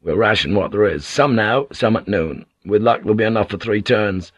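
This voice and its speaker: A male narrator playing a steady, kindly merchant who speaks in a soothing, practical way, on a dull, lo-fi recording. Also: lowish voice, normal speed, husky, no room sound. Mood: calm.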